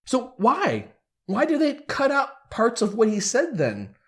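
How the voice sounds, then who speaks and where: A man's voice: very high-pitched, huge pitch swings, measured pace, a bit bright. A man hosting a casual commentary, talking animatedly and asking many rhetorical questions. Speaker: YouTube commentator.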